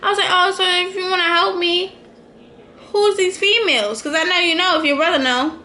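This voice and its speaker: A young adult woman vlogger, telling a storytime with animated, slangy quotes. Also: very high voice, fairly quick, roomy sound, a little hiss or hum. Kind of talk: storytime vlog.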